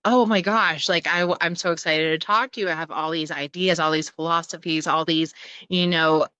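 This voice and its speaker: A breathless, overeager scholar bursts with ideas and can hardly wait to share them, as a woman puts him on in a podcast chat. The voice is bright and forward, in a dry, close sound. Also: low voice, fairly even intonation, normal speed, clear, resonant tone, dry recording, highs cut off. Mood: excited. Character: eager chattering male scholar in a parable.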